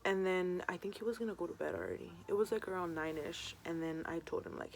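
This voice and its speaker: Speaking fast in a lowish, creaky voice, a young woman vlogger shares a personal story in casual storytime fashion. She's chatty, peppering her talk with "um" and "like."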